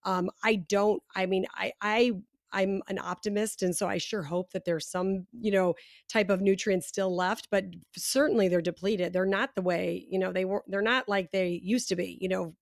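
Animated woman guest on a dry mic. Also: mid-range voice, normal speed, gravelly, no echo. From United States. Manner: animated, explanatory, with fillers. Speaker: podcast guest, probiotic company founder. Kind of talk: casual interview chat.

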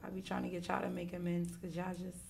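A woman's voice: fairly low pitch, monotone, fast, vocal fry, a little mellow. A woman chatting as a laid-back podcast guest, laughing easily. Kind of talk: casual podcast chat.

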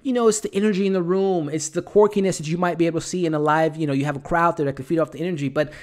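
Casual male vlogger, higher-pitched, loose and conversational, bluntly critical. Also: steady tone, very fast. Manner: conversational, many fillers and repeated words. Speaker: movie reviewer. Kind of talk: casual spoken film review.

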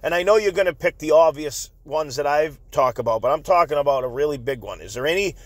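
A man's voice: fairly high pitch, lively intonation, fast. A man hosting his channel, delivering a heated commentary rant in an angry, insistent way, repeating himself. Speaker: channel host.

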